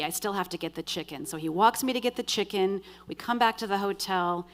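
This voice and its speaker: A woman with a mid-pitched voice recounts a true story live on stage. She tells it with dry, wry humor and acts out the dialogue in a lively way. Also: brisk, few pauses. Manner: vivid, animated retelling with quoted dialogue. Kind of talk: live first-person storytelling.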